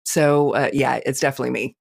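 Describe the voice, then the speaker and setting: A woman's voice: very deep voice, steady tone, quick pace, creaky, a little mellow. A woman, a therapist guest on a podcast, chatting in an amused way about her knack for mimicry. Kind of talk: casual chat.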